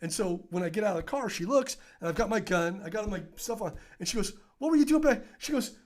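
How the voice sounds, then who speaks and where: An American business owner, appearing as a podcast guest, tells a rambling, animated story in a notably high voice at a quick pace. He plays every character's lines himself, keeps things conversational, and sprinkles in fillers and the odd swear word.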